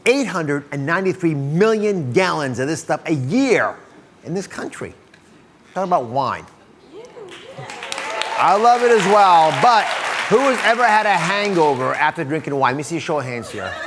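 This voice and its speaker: A man's voice: fairly high pitch, sing-song, normal speed, crowd noise, noisy background. A man hosting a TV talk show, upbeat and chatty with guests and the studio audience.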